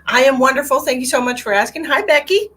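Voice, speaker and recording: Chatty medium with a higher woman's voice. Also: animated, fast talker, slight background noise. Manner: chatty, greets viewers by name with endearments; swings between bright exclamations and low asides. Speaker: psychic medium hosting a live stream. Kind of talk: casual live-stream chat.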